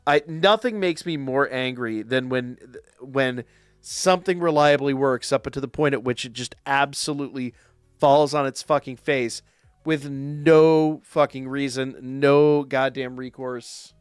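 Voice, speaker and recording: In a smooth, unhurried mid-range voice, a man gives live gameplay stream commentary, keeping things loose with chat. He swears heavily and rants when the game gets to him. Soft music plays behind, and there's no echo.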